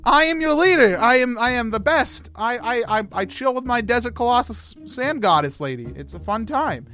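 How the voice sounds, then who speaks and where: A man's voice: extremely high pitch, animated, moderate pace, pushed and bright, faint music behind, heavily acted. A man voicing a proud, bossy desert warrior woman who leads her people, in an indignant, boastful tone during a game talk show.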